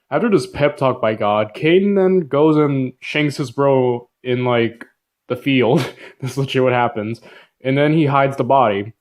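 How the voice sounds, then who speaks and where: Casual man telling a story with jokes and modern slang, mid-pitched. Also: measured pace. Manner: slangy, jokey, filler-heavy. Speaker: video narrator. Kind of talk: comic casual Bible summary narration.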